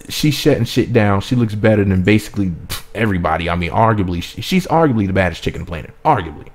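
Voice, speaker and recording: A man's voice: fairly low pitch, a little mellow. A man reading a celebrity gossip article aloud and breaking off into profane, joking commentary. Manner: profane, playful and irreverent, keeps interrupting himself. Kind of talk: reading an article with off-script comedic asides.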